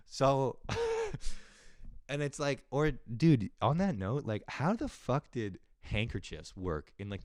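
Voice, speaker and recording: An intense man delivers a profane comic rant, slipping into little acted-out voices as he goes. His voice sits low and smooth. The sound is dry and close, with no room around it. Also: no room sound. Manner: intense, swearing, acts out voices. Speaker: comedian doing a solo rant. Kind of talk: casual profane comic monologue. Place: home room, early morning.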